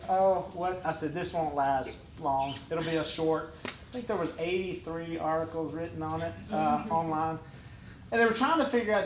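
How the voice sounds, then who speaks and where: Performing comic stories as a guest speaker at an event, a middle-aged man uses a high, laughter-filled voice and plays every person in the tale with flair. The sound carries a roomy hall echo and clear room noise.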